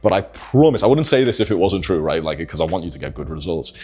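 A man's voice: low-pitched, very animated, fast, warm tone, breathy edge, soft background music. A young man giving dating advice in casual talk to the camera, sitting indoors late at night, blunt and swearing. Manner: blunt, swearing, confiding, persuasive. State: tired late-night morning voice.

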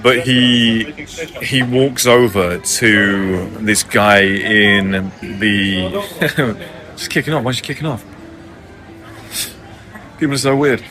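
A young man talking casually to camera in a cafe, brash and joking, swearing freely. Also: lowish voice. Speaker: vlogger. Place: cafe by the water.

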